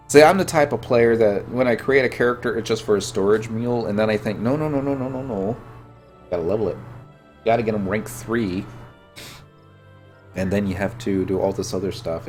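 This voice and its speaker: A game streamer with a head cold talks casually, joking as he plays and answers viewers. His voice sits on the low side and sounds a little mellow.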